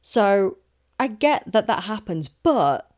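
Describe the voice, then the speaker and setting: A young London woman hosts a solo podcast, ranting casually in a chatty, rambling, emphatic style with frequent swearing and self-directed asides. Her medium-pitched voice swings widely in pitch, moves at a slow pace, and has a darkish tone.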